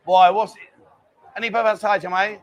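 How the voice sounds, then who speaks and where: A man's voice: high voice, steady tone. A hungover man from London with a London accent, co-hosting a casual livestream, reading viewer comments and joking around. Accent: London English. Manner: jokey banter, quick and chatty. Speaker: co-host of a livestream.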